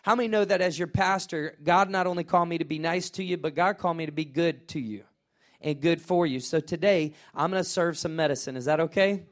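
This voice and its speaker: Man, pastor, middle-aged, high-pitched, energetic sermon, call-and-response. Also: fairly quick. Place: church sanctuary.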